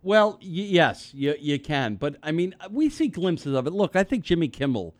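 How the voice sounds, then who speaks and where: A man's voice: on the high side, normal speed, no room sound. A man hosting a talk radio show, telling rambling stories in casual chat with lots of restarts. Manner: rambling, animated storyteller with restarts. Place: radio studio.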